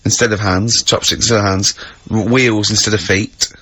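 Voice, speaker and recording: A man co-hosting a comic radio show, spinning absurd hypotheticals and slipping into quick put-on voices. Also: fairly low pitch, fairly even intonation, sharp tone, husky. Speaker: radio co-host.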